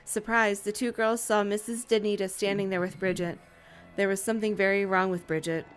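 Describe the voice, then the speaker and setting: A woman reading a novel aloud on a podcast in a plain, steady way. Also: mid-range voice, a little fast, clean tone, soft background music. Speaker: podcast co-reader.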